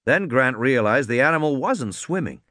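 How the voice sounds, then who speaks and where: A man narrating a story aloud, expressive, doing voices for the characters. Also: medium pitch, normal speed, no room sound. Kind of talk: audiobook reading.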